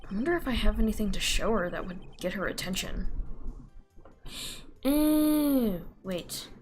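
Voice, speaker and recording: A woman's voice: medium pitch, expressive, unhurried, a little mellow, soft background music, close to an everyday voice. Woman reading as a nervous young male lawyer. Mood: hesitant. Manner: hesitant, stammering. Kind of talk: reading game dialogue aloud.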